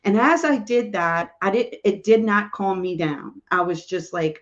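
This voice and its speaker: A woman's voice: medium pitch, measured pace, hardly any pauses, a bit bright, muffled recording. A woman, a spiritual medium, telling a personal story in a casual, rambling way, full of "you know" and "like".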